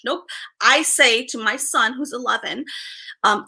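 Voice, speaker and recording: A woman in her thirties talks casually to her livestream viewers in a bright, forward voice pitched a little high. She sighs often and circles back over her own words. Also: animated, normal speed, slightly rough. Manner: chatty, sighing often, repeats herself. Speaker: vlogger.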